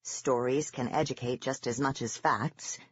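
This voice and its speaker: An audiobook narrator voicing a calm, firm female schoolteacher who speaks softly, in a slightly dull lo-fi recording. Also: mid-range voice, unhurried, husky, dry recording.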